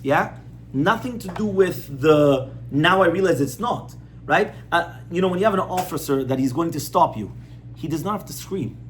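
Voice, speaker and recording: A man's voice: on the high side, animated, moderate pace, slight background noise. Man teaching a class, conversational and firm. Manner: conversational, repeats points, asks audience rhetorical questions. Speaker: rabbi giving a class. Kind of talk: informal Torah class on parenting.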